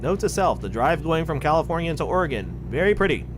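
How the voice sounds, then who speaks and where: A man's voice: on the high side, big pitch swings, fast, noisy background. Rambling, swearing man streaming a game. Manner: rambling, swears freely, thinks aloud. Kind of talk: casual live-stream chat while playing. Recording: clear music playing behind.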